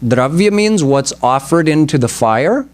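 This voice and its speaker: A man giving a spiritual lecture in a temple, explaining terms carefully and deliberately. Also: a little high, animated, a little mellow. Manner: slow, deliberate, explanatory, stresses pronunciation. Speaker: swami giving a religious lecture. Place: temple hall.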